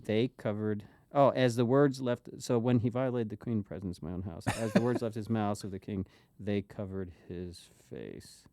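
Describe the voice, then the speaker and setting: A man's voice: on the low side, fairly even intonation, normal speed, warm tone, no room sound. A man co-hosting a podcast, talking casually and thoughtfully about a Bible story and asking questions about the text. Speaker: podcast co-host.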